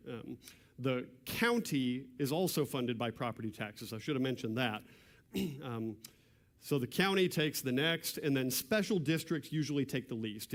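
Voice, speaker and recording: A man giving an explanatory lecture with slides to an audience, halting, with frequent restarts and throat clearing. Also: medium pitch. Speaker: presenter at a church civics class. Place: meeting room with an audience. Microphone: microphone.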